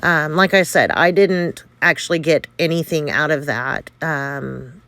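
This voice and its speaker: A woman's voice: low-pitched, a little slow, a bit bright, no room sound. A woman telling a casual, rambling story with many fillers, laughs and candid swearing, a little out of breath. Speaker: game community member recounting events.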